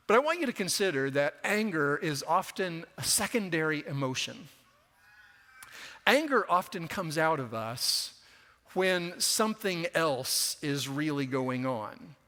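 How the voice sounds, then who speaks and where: Bright-voiced preacher in a reverberant church. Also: male voice, on the high side, lively intonation, unhurried. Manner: conversational, acts out quoted voices. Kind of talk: sermon. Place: church sanctuary.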